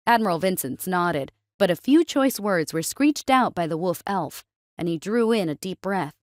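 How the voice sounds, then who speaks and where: A woman narrates a story in an even, steady reading voice at a middle pitch. The sound is dry and close, with no room echo. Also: normal speed.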